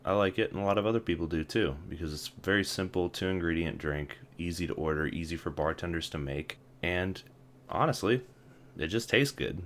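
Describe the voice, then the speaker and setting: Low-voiced wry young man vlogging. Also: brisk, slight background noise. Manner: wry, self-deprecating, laughs often. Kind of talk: casual vlog.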